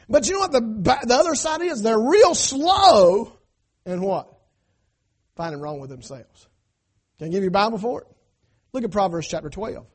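A man preaching a sermon in church, emphatic and swinging between loud cries and hushed asides, calling on the congregation to answer. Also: high-pitched, sing-song, a little fast, long pauses. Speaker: pastor.

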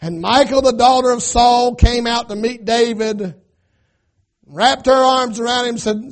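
A male pastor preaching a sermon, retelling scripture in folksy everyday words and swinging from loud to hushed. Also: very high-pitched, lively intonation, measured pace.

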